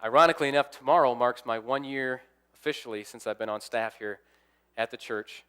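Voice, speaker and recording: A man's voice: medium pitch, brisk, fairly bright tone, clean tone. A young adult man, an assistant pastor, preaching a sermon as a personal story and acting out the dialogue.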